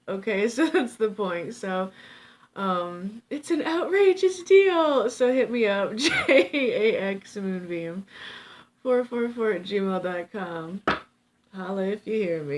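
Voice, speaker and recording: A woman tarot reader chatting casually to her viewers, rambling with lots of fillers and swearing lightly, tired without her coffee. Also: medium pitch. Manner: rambling and chatty, many fillers and self-interrupting laughs. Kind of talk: casual chat to camera.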